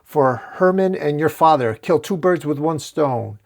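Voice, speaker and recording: A man's voice: fairly high pitch, animated, measured pace, vocal fry, darkish tone, pitched above the performer's own voice. A man voicing a wisecracking young male superhero in a comic recap, full of jokes. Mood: quippy. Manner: joking, quippy.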